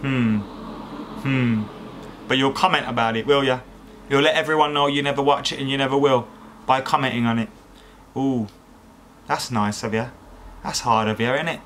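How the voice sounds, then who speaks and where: A man's voice: mid-range voice, fairly bright tone, a little hiss or hum. A man hosts a comedy vlog, reading online comments aloud and mocking them with sarcastic, exasperated rhetorical questions and plenty of swearing. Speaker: YouTube host reacting to online comments.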